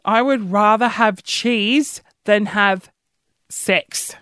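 A woman's voice: medium pitch, slow pace, fairly bright tone, clean tone, no room sound. Bubbly rambling woman podcaster, dry sound. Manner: rambling, giggly, bubbly tangents. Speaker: podcast host. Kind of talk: casual solo podcast chat.

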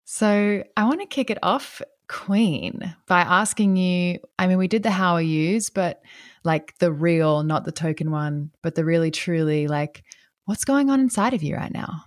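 A woman's voice: fairly low pitch, unhurried, no room sound, clean studio sound. A woman hosting a podcast, asking searching questions in a casual, flowing way with frequent fillers. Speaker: podcast host.

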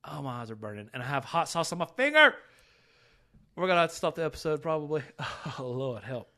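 A man's voice: a little high, very animated, brisk, bright, forceful tone. A man hosting a rehab ministry podcast, talking in an earnest and emotional way with many restarts. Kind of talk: candid faith podcast chat.

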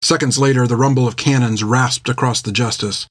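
A man reading an adventure novel aloud in measured, scripted narration on a close mic. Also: medium pitch, steady tone, fairly bright tone, no echo. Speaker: audiobook narrator.

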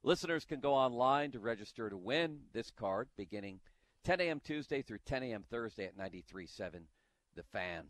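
A man hosting a sports talk radio show, with upbeat, animated reads into a studio microphone. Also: mid-range voice, brisk.

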